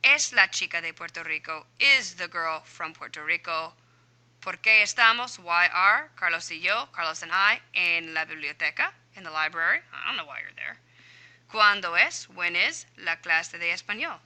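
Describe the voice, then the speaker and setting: A woman Spanish teacher explaining a homework answer key, chatty and thinking out loud as she works through each question. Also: on the low side, expressive, normal speed, clean tone, poor audio. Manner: chatty, talks herself through each step aloud.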